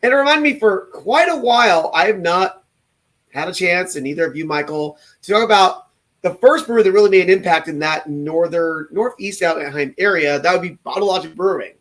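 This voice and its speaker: A man's voice: sits high, lively intonation, brisk, fairly bright tone. Chatty, jokey man from California. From California, USA. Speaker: podcast co-host. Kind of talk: casual chat.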